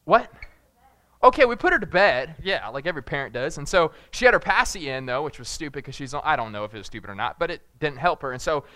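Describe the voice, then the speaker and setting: A young man preaching a casual sermon, telling rambling, jokey family stories and loudly acting out moments of panic. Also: on the high side, expressive, fast, no echo. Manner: jokey, rambling storyteller who shouts acted-out panic. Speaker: pastor.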